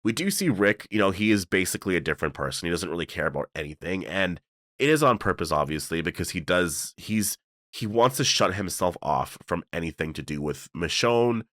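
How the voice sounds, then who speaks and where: Deep-voiced man rambling about a show. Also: a little fast, no echo. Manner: rambling, filler-heavy, excitable. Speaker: show reviewer. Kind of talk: casual video breakdown.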